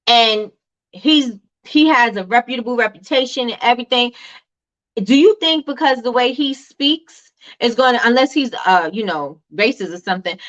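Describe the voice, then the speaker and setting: A woman hosting a live business tips stream, chatting casually and reading viewer comments in a loud, animated way. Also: a little high, muffled recording. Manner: loud, animated and repetitive, talks straight to viewers.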